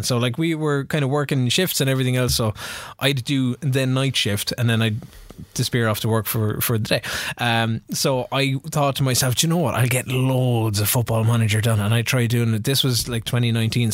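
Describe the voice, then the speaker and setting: A man's voice: medium pitch, quick pace, hardly any pauses, dry recording. Chatty man with a long anecdote. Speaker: podcast co-host. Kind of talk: casual chat.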